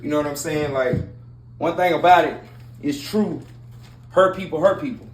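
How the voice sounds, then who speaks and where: A man's voice: on the high side, normal speed, pauses often. Blunt preachy man, echoey room. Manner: blunt, preachy, repetitive, street slang. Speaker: relationship advice host. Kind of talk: casual monologue. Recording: echoey room with faint noise.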